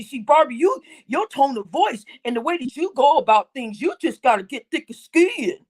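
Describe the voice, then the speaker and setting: A woman's voice: high voice, lively intonation, moderate pace, few pauses. A woman hosting a livestream, scolding her viewers in a heated, indignant rant and repeating her points. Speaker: livestream host.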